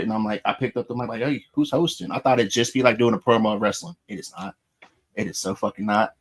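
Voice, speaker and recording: A man in his thirties hosting a podcast, talking candidly and profanely about his past and how he changed. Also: mid-range voice. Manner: candid, profane, self-reflective. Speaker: podcast host. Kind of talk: casual podcast chat.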